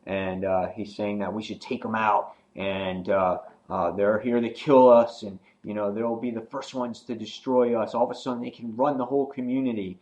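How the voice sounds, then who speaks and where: A man's voice: lowish voice, fairly even intonation, normal speed, hardly any pauses, a little mellow, highs cut off. A man talks through a comic book in a loose, casual review. He rambles along, filling gaps with fillers and restarting his sentences as he goes.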